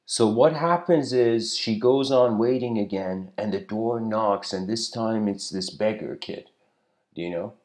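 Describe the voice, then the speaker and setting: A man giving a casual spiritual lecture, rambling, with frequent "you know"s and throat-clearing. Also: lowish voice, unhurried, darkish tone.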